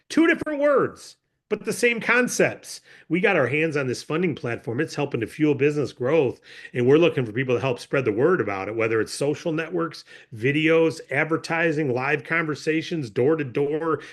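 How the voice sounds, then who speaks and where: A man's voice: on the high side, moderate pace. A man training a sales team, talking with energy and acting out scenarios. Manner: animated, acts out sales scenarios. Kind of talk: motivational sales talk.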